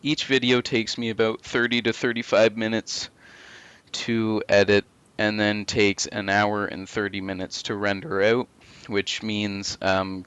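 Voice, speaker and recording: A young man in his late teens chats casually as co-host of a gaming channel. His voice sits a bit low yet sounds bright and crisp. It is recorded dry and close, and he talks candidly and swears freely. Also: no echo. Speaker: co-host and video editor. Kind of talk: casual chat.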